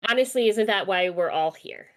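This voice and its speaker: A woman's voice: mid-range voice, lively intonation, normal speed. Fired-up woman from Minnesota. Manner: fired-up, swears freely, chatty. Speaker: podcast co-host. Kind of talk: casual sports chat.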